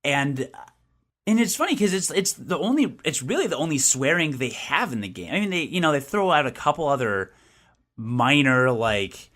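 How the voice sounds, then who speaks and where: A young man co-hosting a gaming podcast in loose, casual conversation. His voice sits a little high and swings widely in pitch as he talks. He is blunt and opinionated, often stumbling and restarting mid-thought. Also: normal speed. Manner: opinionated, animated, with frequent restarts. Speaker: podcast co-host and game reviewer. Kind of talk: casual chat.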